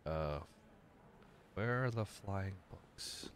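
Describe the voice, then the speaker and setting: A man's voice: sits low, lively intonation, drawn-out words, slight background noise. A young man casually commenting on his video game playthrough, rambling, correcting himself and getting distracted. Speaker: gaming streamer. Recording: game music behind.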